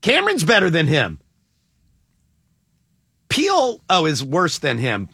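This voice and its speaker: Male morning radio host, high bright voice with gravelly fry, playful and quick to laugh. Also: no echo, clean studio sound. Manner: animated, laughs often, playful.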